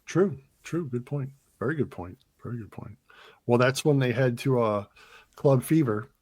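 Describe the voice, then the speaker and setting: A man's voice: medium pitch, animated, moderate pace, darkish tone, breathy edge, no echo. Man retelling a movie, dry close sound. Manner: retells film scenes with quoted lines, many fillers. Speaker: podcast host. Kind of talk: casual movie podcast chat.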